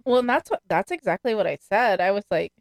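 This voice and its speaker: A woman's voice: mid-range voice, animated, a little fast, no echo, studio quality. A woman co-hosting a podcast in casual chat, full of fillers and casual swearing. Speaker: podcast co-host.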